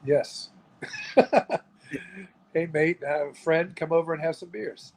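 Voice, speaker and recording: A man's voice: fairly high pitch, steady tone, slow, creaky, a little hiss or hum, poor audio. Good-humored middle-aged man guessing. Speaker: interview guest, former wrestler. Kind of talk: casual interview.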